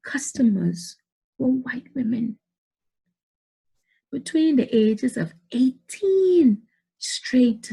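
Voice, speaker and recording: A woman's voice: medium pitch, vocal fry, a little mellow, breathy edge. A middle-aged woman, giving emphatic motivational business advice to camera and repeating points for stress. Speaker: business coach.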